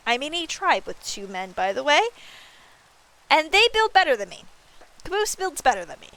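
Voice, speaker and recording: A woman streamer with a bright, forceful, fairly high voice, chatting casually as she builds in a game. She tells stories in an animated way, jumping up in pitch when she quotes people, and swears freely. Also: normal speed. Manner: animated storytelling with excited quoted reactions. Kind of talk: casual chat while gaming.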